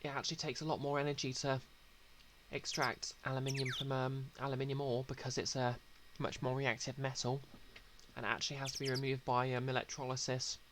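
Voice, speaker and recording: A woman's voice: rumbling low, little pitch movement, brisk, noisy background. A woman streaming a game, giving chatty, explanatory asides with fillers. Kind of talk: casual game commentary. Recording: loud game music under voice.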